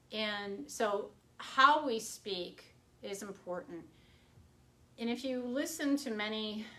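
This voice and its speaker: A woman's voice: medium pitch, a bit bright. A middle-aged woman veterinarian talking casually and directly on a live stream, telling case stories with occasional fillers. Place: home or office, streaming live.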